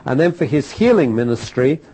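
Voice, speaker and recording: A man teaching a Bible class, animated and repeating key phrases for emphasis, with filler "uh"s. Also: mid-range voice, fairly quick, slightly rough, low-quality recording. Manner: uses fillers like "uh".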